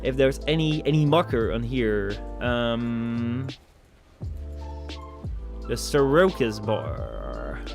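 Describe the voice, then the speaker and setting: A man's voice: medium pitch, very animated, slow, creaky, pauses often. A young man, streaming a video game in casual, rambling chat full of jokes, and sometimes reading the game text aloud. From Netherlands. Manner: rambling and joking, lots of 'like' and 'dude', reads game text aloud. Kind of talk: casual gaming commentary. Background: soft background music.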